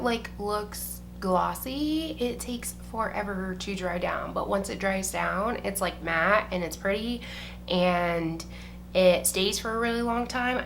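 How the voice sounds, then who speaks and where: A woman's voice: mid-range voice, vocal fry, a bit bright, slight background noise. A young woman chatting casually while doing her makeup, a beauty vlogger who talks loosely, swears freely and says "like" constantly. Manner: chatty and profane, heavy use of "like".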